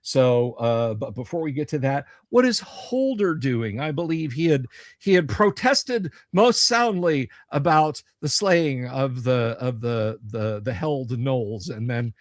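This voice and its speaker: A man's voice: medium pitch, lively intonation, unhurried, no room sound, studio quality. A man running a tabletop game as game master, narrating with many fillers and joking asides.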